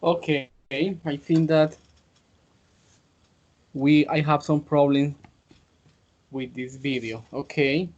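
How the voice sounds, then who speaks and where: A man teaching an online English class, speaking slowly and hesitantly, often saying okay. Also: on the high side, fairly even intonation, darkish tone. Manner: slow, hesitant, repeats okay. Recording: dull lo-fi online call audio.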